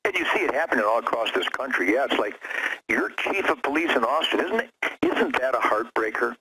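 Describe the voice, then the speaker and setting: A man's voice: mid-range voice, big pitch swings, fairly quick, bright, forceful tone, slight background noise, rough recording. A man who is a guest on a radio talk show, speaking in a fiery, emphatic, preachy way. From United States. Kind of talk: impassioned radio interview.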